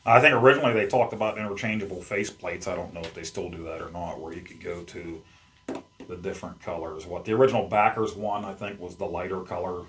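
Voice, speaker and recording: A man's voice: low voice, steady tone, quick pace, a bit bright, slight background noise. A man hosting a casual unboxing vlog at home, chatting in a rambling way as he handles the gear. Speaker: YouTube host. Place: at home among his game collection.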